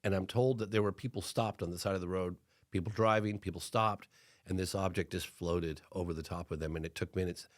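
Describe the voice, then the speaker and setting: A middle-aged man, a documentary filmmaker and podcast guest, telling a long story in lively conversation and slipping into other people's voices when he quotes them. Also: deep voice, a little fast, dry recording, studio quality. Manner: acts out other people's lines in changed voices.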